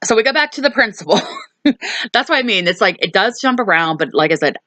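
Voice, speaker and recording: A woman's voice: mid-range voice, very animated, quick pace, pushed and bright, no echo. A woman hosting a movie review channel, recapping a film in a chatty way with lots of fillers and asides.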